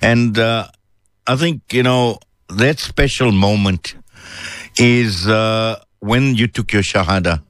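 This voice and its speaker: Formal male interviewer, lower voice, dry recording. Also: slow, a bit bright, dry recording. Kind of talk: interview questions.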